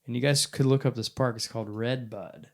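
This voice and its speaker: A man's voice: mid-range voice, steady tone, a little fast. A man co-hosting a podcast, telling rambling childhood stories in a casual, joking way. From born in St. Louis, raised in western Oklahoma. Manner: rambling, jokey storyteller. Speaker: podcast co-host.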